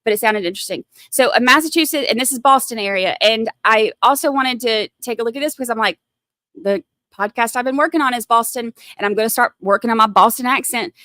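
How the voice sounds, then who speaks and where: A woman's voice: a little high, fast, pushed and bright, no echo. Southern woman, livestream host; loose chatty ramble, restarts sentences, dry sound. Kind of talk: casual livestream chat.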